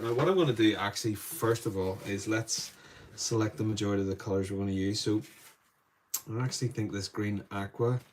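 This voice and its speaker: A man's voice: fairly low pitch, slight background noise. A man with a Northern Irish accent, chatting casually as he runs a live painting demo and greets viewers by name. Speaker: art tutor streaming live.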